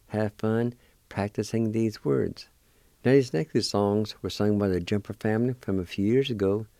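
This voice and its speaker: Slow, patient man teaching pronunciation. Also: fairly low pitch, creaky, mellow, smooth, dry recording. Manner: slow, patient, spells words out letter by letter. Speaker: language teacher and radio host. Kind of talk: slow spelling and pronunciation lesson.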